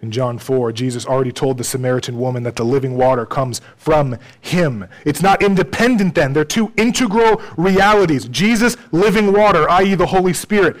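A man's voice: fairly high pitch, a little fast, hardly any pauses, poor audio. A man preaching a sermon in a conversational way, often checking in with his congregation and using dry, self-deprecating humor. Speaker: pastor.

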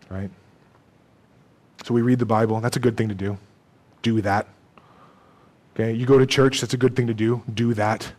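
A man's voice: mid-range voice, fairly even intonation, normal speed, long pauses, a little mellow. A man preaching a sermon in a conversational way, often checking in with "okay?" and "right?".

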